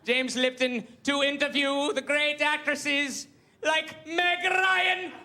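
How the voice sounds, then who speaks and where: A man's voice: very high-pitched, fairly even intonation, slow pace, pushed and bright, pitched above the performer's own voice, exaggerated voice. A man doing a pompous weepy TV interviewer. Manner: grandiose, flowery, over-emotive speech. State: tearful, breaking down. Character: pompous older male TV interviewer, tearful and self-adoring.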